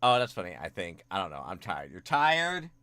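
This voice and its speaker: Streaming from home, a young man chats casually with viewers while he draws, swinging from quiet mumbles to loud, excited greetings. He has a deep voice and talks fast, and the recording is dry.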